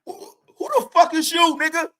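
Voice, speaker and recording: A man's voice: extremely high pitch, completely flat delivery, a little fast, a bit bright. A man hosting his own stream, delivering a profane, confrontational rant full of taunting rhetorical questions. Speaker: streamer host.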